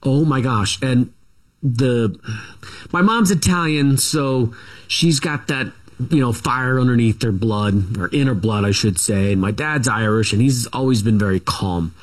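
A man's voice: medium pitch, unhurried. A middle-aged man, a guest author in an interview, recounts his family history casually, with many fillers, restarts and self-corrections.

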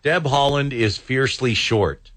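A man's voice: medium pitch, a little slow, a bit bright. A man hosting a talk radio show, riffing aloud in a jokey, sarcastic way. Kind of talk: casual talk radio chat. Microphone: studio microphone.

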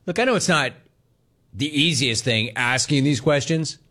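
Animated man hosting sports talk. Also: medium pitch, normal speed. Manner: animated, mocking mimicry, laughs often. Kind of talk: opinionated sports commentary.

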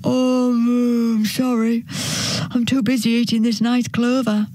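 A woman's voice: on the high side, little pitch movement, warm tone, no echo, voice pushed up, natural voice. A woman voicing a placid cow who moos while refusing to help, in a storybook reading. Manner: drawn-out, mooing.

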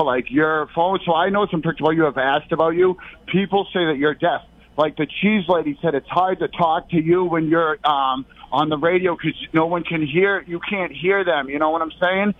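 A breathless man rambles from one story to the next, his voice squeezed through a tinny phone line. He is calling in to a radio talk show, and his tone sits a touch high for a man. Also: normal speed. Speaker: caller. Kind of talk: rambling call-in chat.

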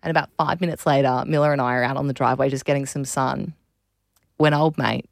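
A woman's voice: a bass voice, steady tone, quick pace, vocal fry, no echo, clean studio sound. A woman in her thirties with an Australian accent, hosting a casual radio chat, telling stories animatedly and laughing often. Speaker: radio host. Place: radio studio. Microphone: studio mic.

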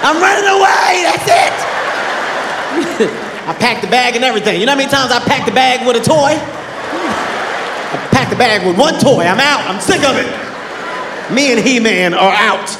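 A man performing a stand-up comedy set, telling animated stories and acting out characters with sudden shouts, in a large live venue. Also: extremely high pitch, normal speed. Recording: echoey live hall with crowd noise. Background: audience laughter.

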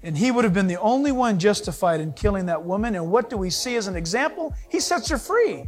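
Animated, high-voiced male pastor preaching. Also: fast talker, faint music behind. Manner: animated, acts out voices and jokes with the audience. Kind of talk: sermon.

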